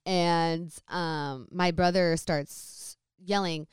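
A woman's voice: fairly low pitch, steady tone, very slow, clean tone, no echo, clean studio sound. A young woman from the Bay Area, telling a story in chatty, casual talk full of "like". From San Francisco Bay Area, California. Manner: chatty, lots of "like". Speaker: vlogger.

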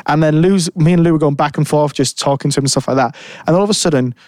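A man's voice: fairly high pitch, quick pace, a little mellow, dry recording. A man telling a rambling story in casual chat, full of fillers and restarts. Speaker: podcast co-host.

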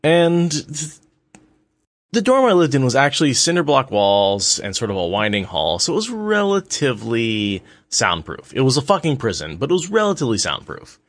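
A young adult man co-hosting a casual book discussion, telling an animated story and swearing casually. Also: mid-range voice. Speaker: podcast co-host.

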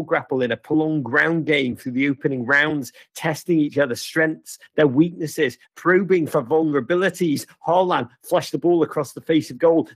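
A man's voice: fairly high pitch, creaky, husky, no echo. A man hosting a football review show, giving a scripted match-review monologue in a sardonic, theatrical, wry way.

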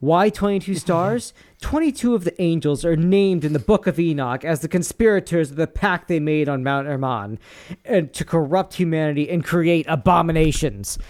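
Smooth-voiced man ranting on a podcast. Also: fairly high pitch. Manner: rambling, swears, reads posts aloud with asides. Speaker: podcast co-host. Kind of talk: casual podcast chat.

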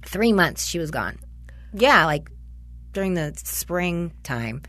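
A woman's voice: on the low side, slow pace, no echo. A woman in her forties chatting casually with a friend, telling stories animatedly and swearing freely. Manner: animated storyteller, swears freely, acts out dialogue. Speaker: parent of a teenage son. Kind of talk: casual chat between friends.

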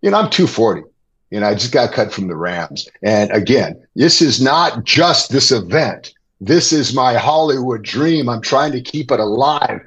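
A middle-aged man, a guest on a podcast, telling an animated story with excitement and laughter. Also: mid-range voice, normal speed, breathy edge, poor audio. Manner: excited, laughing anecdote teller. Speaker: guest, former TV gladiator.

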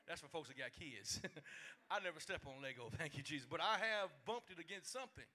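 This man's voice is on the high side, moving at a moderate pace. He's a pastor giving a midweek sermon, spinning humorous tales in a homey, colloquial manner, laughing and acting out the voices of the people he quotes.

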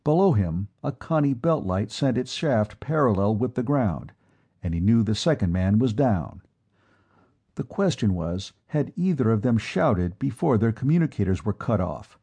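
A man narrating an adventure book in a steady, measured reading. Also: medium pitch, slightly rough. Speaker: audiobook narrator. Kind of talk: scripted narration.

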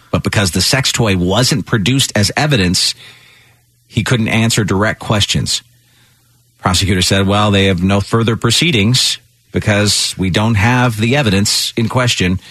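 A man's voice: on the low side, a bit bright, no echo. A man co-hosting a radio show, telling a news story and joking with incredulous banter.

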